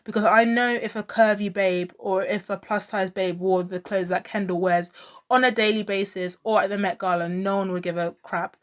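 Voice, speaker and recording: A woman's voice: medium pitch, steady tone, normal speed. A woman talking casually to camera as a pop culture vlogger, chatty and opinionated, full of fillers and gushing exclamations. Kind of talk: casual fashion commentary.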